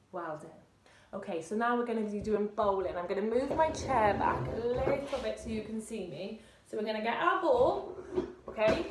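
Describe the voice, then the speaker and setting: High, upbeat woman leading exercise. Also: expressive, normal speed. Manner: encouraging, with cheery whoops. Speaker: fitness instructor. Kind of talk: leading a seated exercise warm-up. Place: indoor room, seated on a chair. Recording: echoey room.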